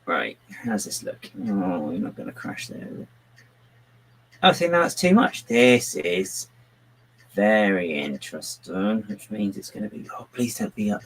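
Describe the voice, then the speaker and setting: A man's voice: on the low side, very animated, moderate pace, vocal fry, a little hiss or hum, poor audio. A man chatting casually on a live stream while building, muttering to himself and to a pet on his lap. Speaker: livestreaming brick builder.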